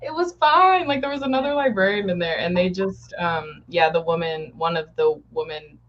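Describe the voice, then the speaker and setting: A woman's voice: lowish voice, moderate pace. A woman who works at a library, telling workplace stories in a casual chat and laughing often. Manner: laughing, exasperated storyteller. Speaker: library worker. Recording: dull lo-fi recording with faint hiss.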